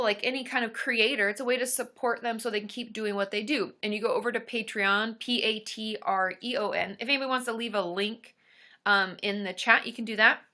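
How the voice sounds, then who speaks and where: A woman whose voice sits on the high side, sounding pushed and bright, hosts a casual live stream. She reads comments and chats warmly and rambles, throwing in many fillers and asides to her viewers.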